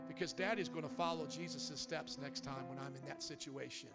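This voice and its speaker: A man preaching a sermon as pastor, asking the congregation questions and rising into loud, fervent prayer. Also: on the high side, moderate pace, gravelly. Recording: church service audio with music behind.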